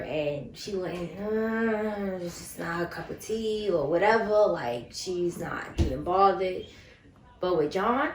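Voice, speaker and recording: A woman speaking as an interview guest in casual family conversation, frank and animated, acting out quoted lines. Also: fairly low pitch, slight background noise. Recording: echoey room.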